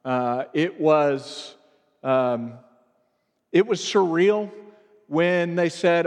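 A man in his thirties, a pastor speaking to his congregation in a halting, emotional way, with many restarts and fillers. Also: a little high. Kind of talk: sermon. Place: church sanctuary. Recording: long reverb of a church hall.

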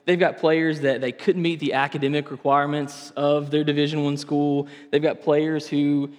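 Young man, pastor, sermon, conversational, animated, self-correcting, fairly high voice, long hall reverb. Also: normal speed. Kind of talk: sermon lesson.

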